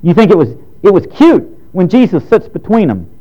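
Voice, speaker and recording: A man's voice: sits high, sing-song, normal speed, muffled recording. A man in his thirties preaching a sermon to his congregation, direct and frank, with strong emphasis. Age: 30s. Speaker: pastor.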